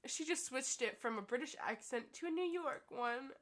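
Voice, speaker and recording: A woman's voice: high-pitched, lively intonation, normal speed, a bit bright. A woman streamer reading a visual novel aloud and reacting with giggles and exclamations.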